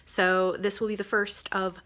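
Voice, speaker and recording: A woman's voice: mid-range voice, level tone, a little slow, fairly bright tone. A young woman chatting casually on her book vlog, gushing and filling her talk with "like". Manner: chatty, gushing, many "like" fillers. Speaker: book vlogger.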